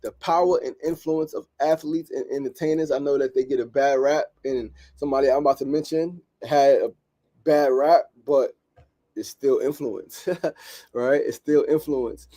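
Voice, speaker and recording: A man's voice: mid-range voice, moderate pace. A man hosting a motivational podcast, talking in an emphatic, repetitive, slangy way and ending lines with "right?". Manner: slangy, animated street talk. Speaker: podcast host.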